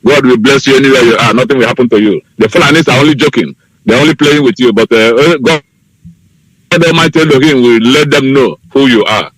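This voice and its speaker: A man's voice: medium pitch, quick pace, a bit bright, no echo. A man calling into a radio show, pleading fervently and repeating his appeals over a phone line. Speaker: caller. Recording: dry phone call.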